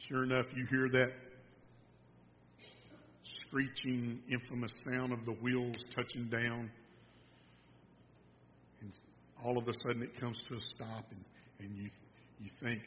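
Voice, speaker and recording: A man's voice: medium pitch, little pitch movement, a little slow, long pauses, a little hiss or hum. Man, folksy sermon storytelling, long hall reverb, dull sound. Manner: folksy storytelling, joking with the audience. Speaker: preacher.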